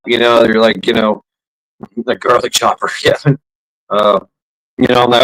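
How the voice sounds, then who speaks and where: A live streamer tells a story in a casual, rambling way, swearing often, laughing, and restarting his sentences amid plenty of fillers. His mid-range voice is animated and a bit bright at a moderate pace, and the audio is poor.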